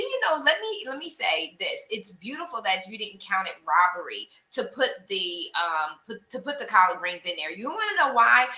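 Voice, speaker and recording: Lively bright woman host, echoey room. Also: medium pitch. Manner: lively, encouraging, builds points with examples. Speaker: interview host. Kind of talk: casual interview chat.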